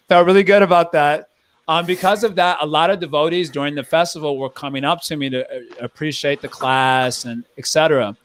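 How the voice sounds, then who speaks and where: A man's voice: fairly high pitch, a bit bright, dry recording. Thoughtful young man on a dry mic. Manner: thoughtful, rambling with restarts. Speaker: podcast host. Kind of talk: casual podcast chat.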